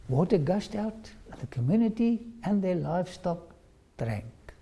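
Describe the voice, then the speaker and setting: A preacher retells a Bible story in a sermon, slowly putting questions straight to the listeners. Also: mid-range voice, big pitch swings, mellow, slightly rough. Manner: slow, questioning listeners directly.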